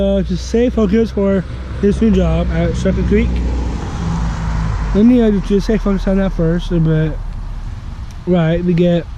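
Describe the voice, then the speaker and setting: Halting man vlogging on an action cam. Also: high voice, dark tone, a little hiss or hum. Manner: halting, repeats words, many restarts. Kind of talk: casual vlog talk to camera. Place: outdoors in snow. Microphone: action camera held by the speaker. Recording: dull lo-fi action camera audio.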